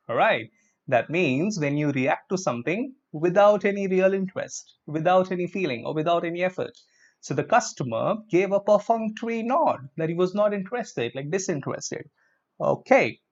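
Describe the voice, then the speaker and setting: A male teacher, giving a live vocabulary lesson and drawing out words slowly to drill their pronunciation. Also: a little high. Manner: drills pronunciation with slow, drawn-out repetitions. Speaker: English teacher. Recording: dull lo-fi stream audio.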